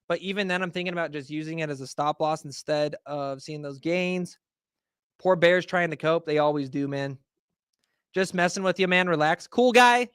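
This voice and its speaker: A man's voice: fairly high pitch, normal speed, a bit bright, clean tone, no echo, studio quality. A man hosting a livestream, ranting casually and profanely to his chat in slangy talk. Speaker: host. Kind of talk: livestream market rant.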